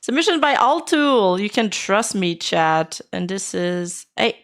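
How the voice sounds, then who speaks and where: A woman's voice: medium pitch, big pitch swings, measured pace. A woman host chatting breezily while reacting to clips. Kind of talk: casual stream reaction.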